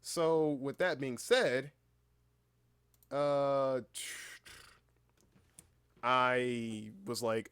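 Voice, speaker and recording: A young man chatting on a casual livestream, telling an excitable story with halting restarts and the odd swear word. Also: mid-range voice, clear, resonant tone. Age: young adult. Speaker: streamer and voice actor.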